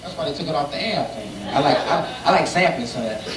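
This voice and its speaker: A man's voice: fairly high pitch, fast, background noise. A teenage boy doing a stand-up comedy set in a club, telling stories and acting out the people in them. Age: teens. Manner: animated storytelling with many acted-out voices. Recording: echoey club from far off.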